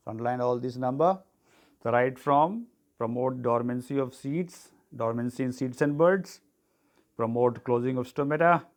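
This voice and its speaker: A male teacher giving a biology lesson, dictating notes, spelling terms letter by letter and checking in with a frequent "okay". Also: mid-range voice.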